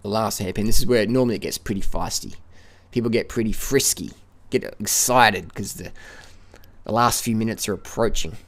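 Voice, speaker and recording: A middle-aged man gives live commentary while riding a bike up a hill outdoors. He narrates with excited play-by-play and repeats his phrases, on a camera mounted on the bike or rider. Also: lowish voice, moderate pace. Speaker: cycling vlogger.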